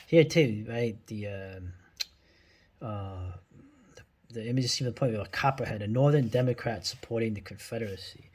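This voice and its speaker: A man's voice: lowish voice, moderate pace, long pauses, darkish tone, husky. A man in his forties with a New York accent, talking through old cartoons in a rambling, blunt way full of asides and tag questions. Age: 40s. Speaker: video host. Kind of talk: casual commentary.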